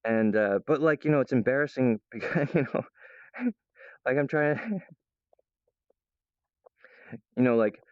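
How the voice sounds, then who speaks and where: A man's voice: medium pitch, animated, slow, pauses often, clear, resonant tone, dry recording. Man, casual rambling vlog monologue, playful and meandering, dry close sound, slightly muffled. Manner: meandering, playful, full of restarts and silly voices. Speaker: vlogger. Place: at home, in the kitchen.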